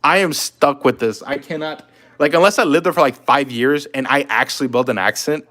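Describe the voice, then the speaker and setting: A man's voice: medium pitch, a little fast, pushed and bright. A man chatting casually on a live stream, loose and talkative, answering comments while he works. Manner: loose and chatty, talking to chat while drawing.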